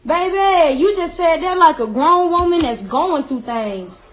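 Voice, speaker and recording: High-voiced emotional encouraging woman. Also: a little slow. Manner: emotional, encouraging, near tears; lively, emphatic. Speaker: hairstylist. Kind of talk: casual live-stream talk.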